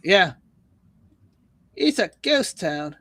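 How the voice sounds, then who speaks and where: A man's voice: high-pitched, sing-song, drawn-out words, vocal fry, pushed and bright, no room sound. A man hosting a livestream, reading viewer comments and news aloud with sarcastic jokes. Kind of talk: casual news roast chat.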